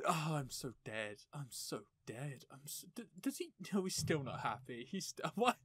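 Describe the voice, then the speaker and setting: A woman's voice: sits low, wildly swooping pitch, unhurried, few pauses, fairly bright tone, dry recording. A young woman commentating her play of a horror game, panicking, laughing and swearing at it. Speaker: gaming YouTuber.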